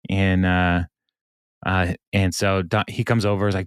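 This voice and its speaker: A man's voice: low voice, flat delivery, a little slow, clean tone, dry recording, clean studio sound. A man co-hosting a podcast, casually recapping a TV episode with lots of fillers and laughs. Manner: rambling, many fillers, laughs often. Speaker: podcast co-host.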